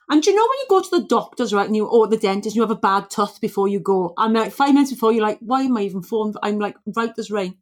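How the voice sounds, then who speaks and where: A British woman co-hosting a podcast, telling chatty, self-mocking stories and acting out the people in them. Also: fairly high pitch. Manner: animated, self-mocking storyteller acting out quoted voices. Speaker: podcast co-host.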